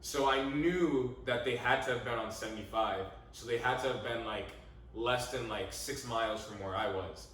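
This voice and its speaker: A young man co-hosting a podcast, telling a story in a lively, laughing way, swearing freely and acting out his own lines. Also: mid-range voice, normal speed, a little hiss or hum. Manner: animated, laughing, swears freely, quotes himself. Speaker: podcast co-host. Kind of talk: casual storytelling chat. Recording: echoey room, mic at a distance.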